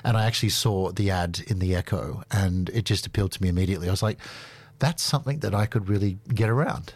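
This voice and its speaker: Man, radio guest, earnest, enthusiastic, low voice, dry studio sound. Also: fast talker, husky, no room sound. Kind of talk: interview answers.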